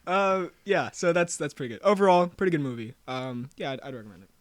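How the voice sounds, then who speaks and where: A young man co-hosting a podcast, rambling through quick reviews with self-mocking jokes and frequent laughs. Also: on the high side, lively intonation, no room sound. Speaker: podcast co-host. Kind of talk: casual chat, quick reviews.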